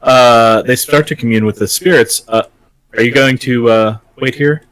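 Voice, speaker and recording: Hesitant player, dry recording. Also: male voice, medium pitch, normal speed, fairly bright tone, no room sound, low-quality recording. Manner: hesitant, filler-heavy. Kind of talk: tabletop game play.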